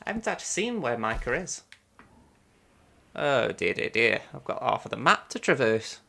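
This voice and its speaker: Lively man streaming a game. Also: medium pitch, moderate pace, gravelly. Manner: chatty, narrates his own play and talks to chat. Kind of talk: live game-stream commentary.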